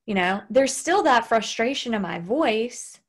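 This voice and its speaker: A woman podcast host in casual conversation, her voice sitting a little high. She talks with animated energy, swears freely, and acts out angry outbursts as examples. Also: a little slow.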